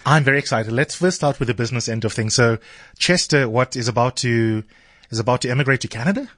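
A man's voice: medium pitch, fast, fairly bright tone, no room sound. A man hosting a radio talk show in a studio, bantering and teasing his guest.

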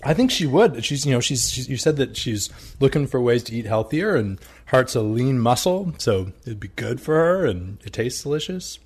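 A man's voice: medium pitch, big pitch swings, moderate pace, darkish tone, breathy edge. A man chatting casually while cooking at home, joking and thinking aloud with restarts. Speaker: home cook. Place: home kitchen, indoors.

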